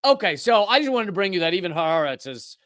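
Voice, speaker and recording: A man hosting a live political commentary show, talking in a sarcastic, rapid-fire way with frequent restarts. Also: high-pitched, very animated, a bit bright, no echo. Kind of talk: live news commentary monologue.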